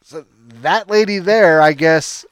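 A man with a somewhat high voice tells a long, animated story in a casual chat, acting out each person's lines and often breaking into laughter. The sound is dry and close, with no room echo. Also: slow, smooth. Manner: animated, laughing storyteller who acts out quotes.

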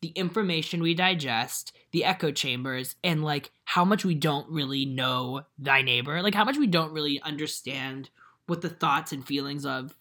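A young woman co-hosts a podcast in loose, casual chat. Her voice sits low, and she tells stories with plenty of "like" and "um", jumping into other people's voices as she goes. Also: normal speed. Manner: animated storyteller, acts out quotes, many fillers. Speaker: podcast co-host.

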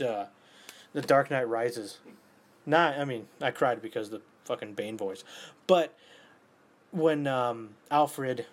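Young guy in his 20s ranting, swears a lot, jumps from yelling to almost whispering. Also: mid-range voice. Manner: animated, swearing, swings between loud outbursts and near-whispers. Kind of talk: casual monologue.

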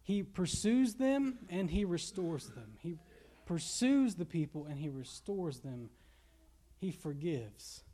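Guy with a kentucky accent preaching, high-ish voice, jokey and casual, young. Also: animated, slow, warm tone. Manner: casual, joking preaching with laughs and asides. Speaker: pastor. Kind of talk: sermon.

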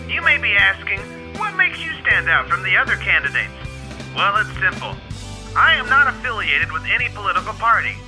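A man's voice: high-pitched, big pitch swings, fairly quick, bright, forceful tone, faint music behind, full character voice, poor audio. A man voicing a folksy male candidate for governor in a mock campaign ad, earnest with broad hick impressions.

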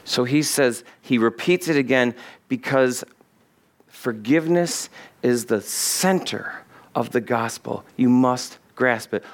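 A pastor preaching a sermon, slowing down to stress key words and putting questions directly to his congregation. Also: mid-range voice. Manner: emphatic, slows to stress key words, quotes scripture.

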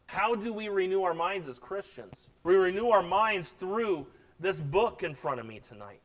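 A middle-aged man preaching an impassioned sermon as pastor, swelling louder and then dropping low. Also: lively intonation, normal speed, low-quality recording. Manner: impassioned preaching, rising and falling in loudness.

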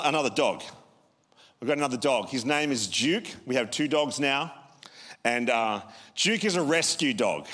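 A man's voice: on the high side, a bit bright. Conversational male pastor, hall echo. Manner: conversational, talks with the congregation. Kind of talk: sermon. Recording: long hall reverb.

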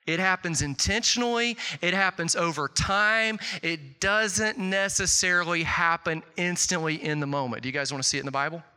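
Give me a middle-aged male pastor delivering a sermon in a big hall, with the reverb trailing after his words. His voice is very bright and a bit higher than most men's. He tells stories in an animated way and throws in a loud, high-pitched voice whenever he quotes someone. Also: clean tone.

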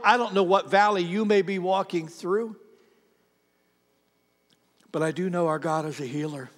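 A man preaching a sermon to his congregation with great passion, swinging from near-shouts down to quiet, intimate asides. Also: high-pitched, in a large hall. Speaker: pastor. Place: church sanctuary.

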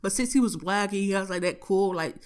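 A young woman, a college student, tells a profane story about her day in a casual audio diary, animated and laughing as she goes. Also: medium pitch, fairly quick, clear, resonant tone. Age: young adult.

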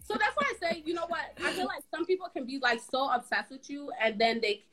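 A young woman co-hosting a casual chat show, talking with animated, laughing exclamations. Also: high voice, quick pace. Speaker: podcast co-host.

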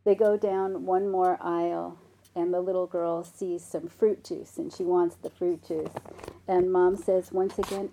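A woman meditation teacher speaks slowly and gently, with a mellow, warm tone and an easy laugh. Her dharma talk moves along unhurried, full of small pauses and fillers. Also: lowish voice, flat delivery, vocal fry, a little hiss or hum.

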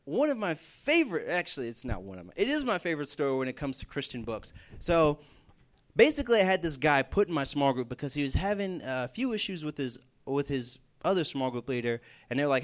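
Young male preacher, animated storyteller, swings between hushed and loud emphasis. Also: a little high, fast. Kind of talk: storytelling sermon.

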